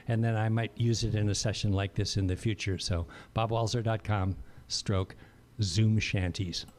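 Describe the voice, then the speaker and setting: A man's voice: lowish voice, darkish tone. A man introducing his song on a video call, hesitant and full of fillers. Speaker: chantey singer.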